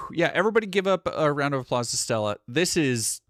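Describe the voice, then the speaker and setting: A male streamer reacts to videos in a sarcastic, exasperated running commentary and swears freely. His pitch swings widely as he talks, and the close mic sounds dry and free of any room echo. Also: animated, a little fast, a bit bright. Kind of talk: casual live-stream commentary.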